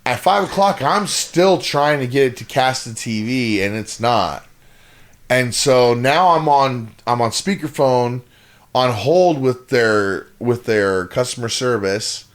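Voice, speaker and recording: A man's voice: mid-range voice, animated, slow pace. A man co-hosting a podcast, telling a long exasperated story in casual, profane chat with lots of rambling restarts. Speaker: podcast co-host.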